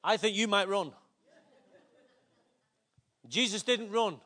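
A man, preaching a sermon with animated storytelling that builds to shouts. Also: high-pitched, slow pace.

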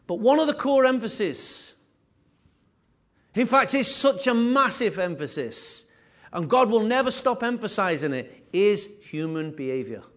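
A man preaching a sermon with emphatic, repetitive phrasing, his voice rising and falling in loudness. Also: high-pitched, sing-song, measured pace. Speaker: pastor.

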